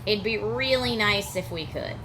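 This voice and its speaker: A woman streamer talking her way through a video game live, thinking aloud with quick laughs. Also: mid-range voice, animated, background noise. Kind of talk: live gameplay commentary. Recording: game music playing behind.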